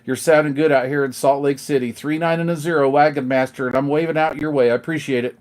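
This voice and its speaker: A man's voice: on the high side, fairly even intonation, fast, darkish tone. A middle-aged man chatting on a live stream as he calls out on CB radio from his kitchen table, slangy and full of radio lingo. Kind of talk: casual live-stream chat over CB radio.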